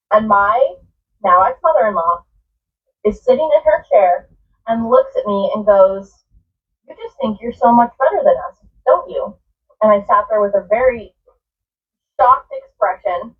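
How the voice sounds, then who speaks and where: A woman telling a personal story about a hard family encounter, with an earnest, emotional manner. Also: mid-range voice. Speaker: storyteller in reacted clip. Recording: tinny phone-like sound from a distance.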